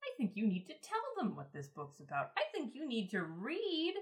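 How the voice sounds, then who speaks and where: A woman hosting a podcast in casual chat, rambling and excitable, with lots of fillers. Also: fairly high pitch, normal speed. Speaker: podcast host.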